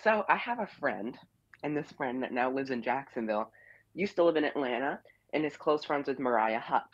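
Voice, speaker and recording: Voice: mid-range voice, animated, brisk, no echo. A caller giving a casual, blunt and opinionated rant about reality TV, scolding the cast members directly. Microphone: phone or online call-in. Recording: muffled call-in line.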